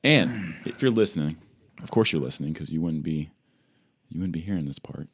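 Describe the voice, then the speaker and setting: A playful man with a low, deep voice, co-hosting a relaxed podcast chat. He sounds upbeat and likes to repeat phrases for fun. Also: brisk, husky. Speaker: podcast co-host. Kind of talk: casual chat over drinks. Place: home in the UK on a video call.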